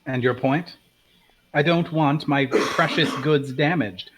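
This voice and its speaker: A man's voice: fairly high pitch, slow. A man playing a haughty drow noble who is indignant and pompous.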